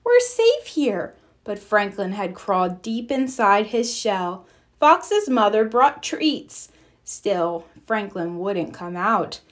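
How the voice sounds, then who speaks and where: A woman reading a children's picture book aloud with expressive storytelling. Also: mid-range voice, slow pace. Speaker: storybook reader. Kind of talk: children's read-aloud narration.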